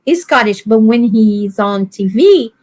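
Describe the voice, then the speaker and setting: A woman chats casually on a stream, often pausing to search for words and laughing. Her voice sits fairly high. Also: expressive, background noise. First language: Portuguese. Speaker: livestream co-host. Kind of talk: casual chat.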